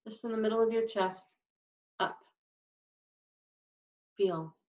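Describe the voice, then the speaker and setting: In an echoey room, a woman with a fairly high but darkish voice speaks at a slow pace while patiently teaching sign language. She explains every sign step by step, and the distant recording sounds dull and lo-fi.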